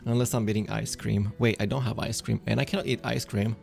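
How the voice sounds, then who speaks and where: A man streaming a card game, chatting excitedly to himself and often jumping into squeaky high exclamations. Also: fast talker, creaky, soft background music. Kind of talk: casual gameplay commentary.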